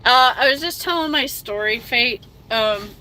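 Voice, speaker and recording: This trucking livestreamer, a middle-aged woman, reads her chat aloud in a fairly high, sharp voice, a little slowly. Still emotional after crying, she chats casually but emphatically. The audio quality is low.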